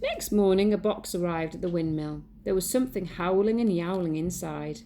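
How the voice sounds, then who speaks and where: A woman teacher reading a picture book aloud to children, pausing to point out the pictures. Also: on the low side, slight background noise. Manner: gentle, asks children to look at pictures. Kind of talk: storybook read-aloud for children.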